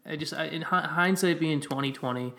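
A man's voice: on the high side, a little fast, bright, forceful tone. A man co-hosting a casual sports podcast, thinking aloud and breaking down players while he looks up stats. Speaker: podcast co-host.

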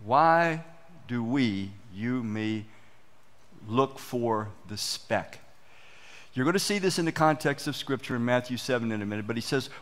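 Pastor guy preaching in church, acts out his little stories, slightly high voice. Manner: animated storytelling, acts out quoted exchanges. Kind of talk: sermon.

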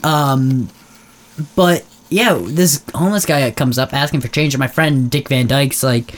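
A man's voice: medium pitch, a little slow. A young man from Canada co-hosting a podcast, chatting casually with dry jokey asides. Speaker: podcast co-host. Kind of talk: casual chat.

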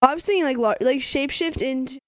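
High-voiced young woman, chatty and rambling. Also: quick pace, dry recording. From Delaware. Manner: giggly, rambling, trails off mid-sentence. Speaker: podcast co-host. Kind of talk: casual chat.

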